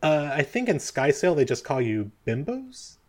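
A man's voice: on the high side, sing-song, normal speed, a little mellow, voice pushed up. A man voicing a chirpy, flippant young female monster creature in a tabletop game, with a breezy, teasing manner.

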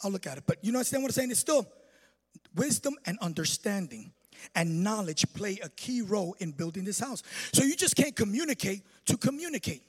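A male pastor delivers a lively, joking sermon with a singsong preaching cadence. His voice sits very high for a man and sounds husky. The hall trails every phrase with a long reverb. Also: brisk. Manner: preaching with sing-song emphasis and jokes. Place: church hall.

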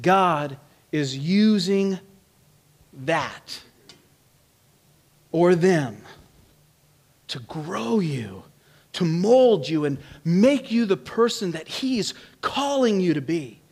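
A man preaching a sermon in an animated, humorous, conversational way, swinging from loud to hushed. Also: high-pitched, extremely slow, pauses often. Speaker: pastor.

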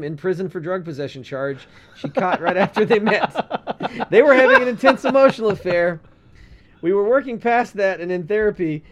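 Male podcast co-host, high voice, casual, crude humor. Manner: joking, profane, reads letters aloud. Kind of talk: casual chat.

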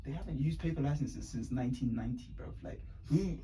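Fast-talking young man. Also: mid-range voice. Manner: animated, slangy, acts out voices in anecdotes. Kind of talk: casual chat, storytelling. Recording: distant mic with faint ambient noise.

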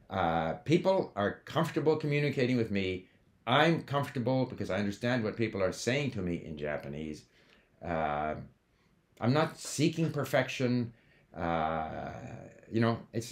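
Opinionated man in a roomy echo. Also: medium pitch. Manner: opinionated, conversational with frequent fillers. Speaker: language-learning video host. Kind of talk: casual monologue to camera.

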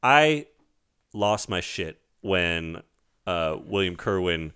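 A man co-hosting a casual movie podcast, an animated storyteller who quotes scenes and laughs easily. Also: low voice, slow pace, clear, resonant tone. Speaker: podcast co-host. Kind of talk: casual movie review chat.

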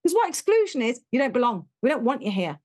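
A British woman with a high, bright-sounding voice speaks as an interview guest. She tells stories with energy and emphasis, slipping into the voices of the people she quotes. The tone is conversational rather than scripted. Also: fast, breathy edge. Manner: animated, emphatic storyteller who acts out quotes.

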